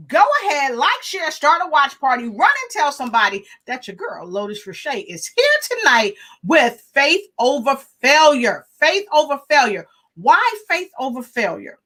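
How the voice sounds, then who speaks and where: Upbeat woman host with a bright voice, lots of hype and call-outs, kinda high. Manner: animated, hypes the audience, chanting and call-outs. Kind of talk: livestream talk show hosting.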